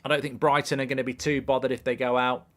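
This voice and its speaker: A man's voice: medium pitch, little pitch movement, quick pace, fairly bright tone. A man in his thirties hosting a live football watchalong, casually chatting and reading viewer questions aloud in a dry, offhand way. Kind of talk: casual live-stream chat reading comments.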